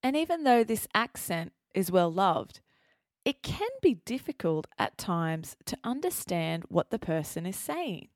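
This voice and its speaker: A woman hosting an educational podcast, reading a scripted lesson in a clear, measured teaching manner. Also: mid-range voice, sing-song, no room sound, studio quality. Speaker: podcast host.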